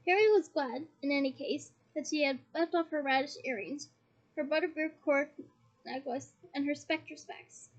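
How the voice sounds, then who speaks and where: A woman's voice: high-pitched, moderate pace. A woman reading a novel aloud, breaking off for playful, giggly asides to her listeners. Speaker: audiobook reader. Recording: dull lo-fi recording.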